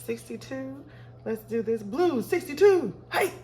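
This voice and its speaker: A woman's voice: high voice, animated, a little slow, dark tone. A woman, talking casually to her viewers while counting cash for her budget. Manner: chatty, talks to viewers as y'all, counts aloud. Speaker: budgeting vlogger.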